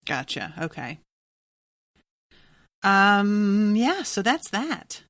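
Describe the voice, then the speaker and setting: A woman's voice: mid-range voice, big pitch swings, very slow, a bit bright, dry recording. A woman co-hosting a podcast, recapping a TV episode in casual chat, blunt and exasperated, swearing freely. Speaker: podcast co-host.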